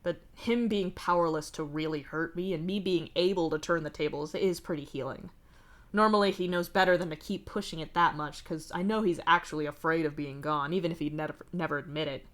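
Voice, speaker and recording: A woman's voice: low voice, brisk. A woman reading as a sardonic, swearing young man. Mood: candid. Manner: swearing, deadpan and wry. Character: sardonic, profane young man, blunt and weary. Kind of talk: live fanfic reading. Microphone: streaming mic.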